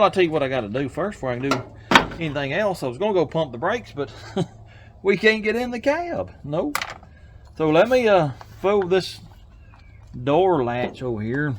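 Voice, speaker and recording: A man's voice: a little high, lively intonation, normal speed, heavy background noise. An older man with a drawl, chuckling and self-mocking, talking casually while working on an old truck, out of breath. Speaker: garage channel host. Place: outdoors by an old truck on a farm.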